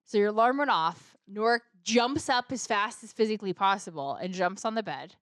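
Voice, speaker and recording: A woman's voice: mid-range voice, lively intonation, brisk, fairly bright tone, dry recording, clean studio sound. A woman co-hosting a podcast, chatting casually and teasing her co-host, often laughing. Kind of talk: casual chat. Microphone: studio mic.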